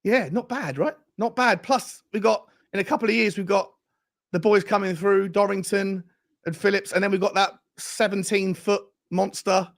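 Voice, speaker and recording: A man hosting a fan show livestream, reading out viewer super chats with excitable, slangy banter. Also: sits high, moderate pace, creaky.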